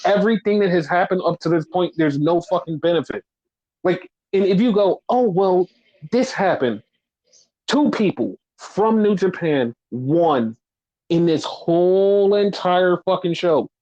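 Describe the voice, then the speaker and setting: A man with a fairly high voice rants on a casual podcast, cursing constantly and slipping into mocking sarcastic impressions. The audio is dull and lo-fi. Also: expressive, measured pace, a little mellow. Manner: angry profane ranting, mocking sarcasm. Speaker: podcast host. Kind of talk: casual chat.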